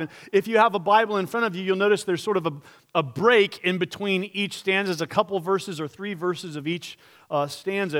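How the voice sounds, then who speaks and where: A man's voice: high voice, fairly bright tone. A man pastor preaching a sermon, earnest and direct, asking the congregation rhetorical questions and reading scripture aloud.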